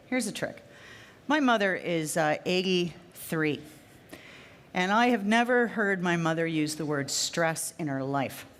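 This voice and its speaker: A woman in her fifties speaks to a live audience at a conference. Her voice sits low for a woman, and she talks with emphasis, repeating her key phrases. She often asks the listeners to stop and reflect. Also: lively intonation, unhurried. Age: 50s. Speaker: speaker at a trade fair session. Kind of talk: conference talk.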